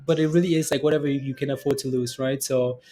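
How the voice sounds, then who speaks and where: A man's voice: medium pitch, fairly even intonation, quick pace, dark tone, slight background noise. A man hosting a live stock trading stream, chatting casually with viewers, often laughing and repeating himself. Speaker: stock trading livestream host.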